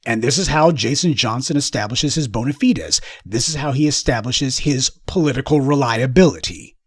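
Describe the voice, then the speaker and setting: A man's voice: mid-range voice, moderate pace, slightly rough, dry recording, clean studio sound. A man giving a sarcastic, combative commentary monologue as the host of his own channel. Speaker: political commentator.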